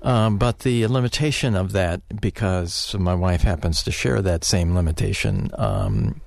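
A middle-aged man giving advice on a call-in radio show, speaking haltingly with many fillers and restarts. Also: deep voice, expressive, gravelly, no echo, clean studio sound. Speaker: guest therapist.

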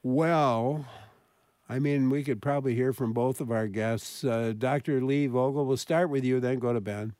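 A man's voice: mid-range voice, fairly even intonation, moderate pace, darkish tone, dry recording. A man hosting a call-in talk program who passes questions to his guests in an easygoing, hesitant way with many fillers. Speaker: radio talk show host.

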